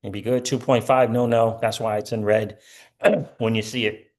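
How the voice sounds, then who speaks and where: Middle-aged man, low voice, rambling livestream host, filler-heavy chat. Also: little pitch movement, normal speed, darkish tone. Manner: rambling, filler-heavy, chatty, reading viewer comments.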